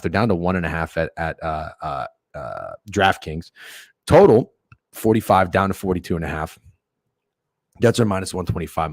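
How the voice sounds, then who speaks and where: A man hosting a sports betting livestream, ranting in a profane, opinionated way with sudden loud outbursts while reading chat. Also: sits low, no room sound, studio quality. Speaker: sports betting stream host.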